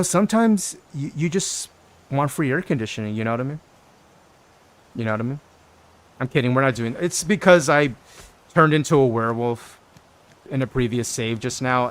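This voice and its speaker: Playful male streamer chatting through a game, mid-range voice, faint music behind. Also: medium pitch. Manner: playful, joking, rambling with quick tangents. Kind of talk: casual live-stream chat while gaming.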